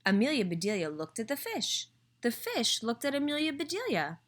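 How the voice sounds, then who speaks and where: Expressive woman teacher reading aloud. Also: a little high. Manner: clear, expressive, pauses to ask prediction questions. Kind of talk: reading a picture book aloud to children.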